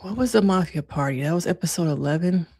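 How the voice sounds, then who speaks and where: A woman's voice: lowish voice, animated, fast, dark tone, dry recording, studio quality. A woman therapist giving casual, frank livestream commentary with plenty of slang and laughter. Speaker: therapist reviewing reality TV.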